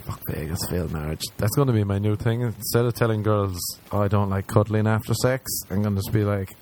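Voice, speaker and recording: A man's voice: on the low side, darkish tone. A man telling a crude, self-mocking stand-up story, acting out both sides of each exchange. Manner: crude, self-mocking, acts out scenes in quick voices. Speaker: stand-up comedian.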